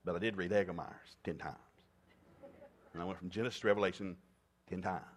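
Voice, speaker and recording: A man's voice: low-pitched, fairly even intonation, brisk, a little hiss or hum. A man from East Tennessee, preaching a humorous sermon in a folksy, joking, plainspoken way. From East Tennessee, USA.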